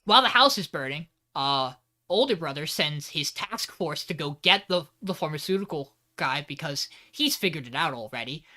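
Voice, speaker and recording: A man on a podcast rattles through an anime episode recap with loose, rambling energy. His tone is bright and edgy, and he swears casually along the way. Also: a little high, expressive, moderate pace. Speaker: podcast host.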